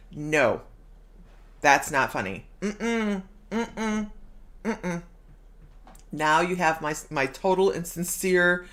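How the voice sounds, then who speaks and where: A middle-aged woman hosting a casual live stream as a psychic medium, bubbly, laughing often and reading viewer comments aloud. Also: low-pitched.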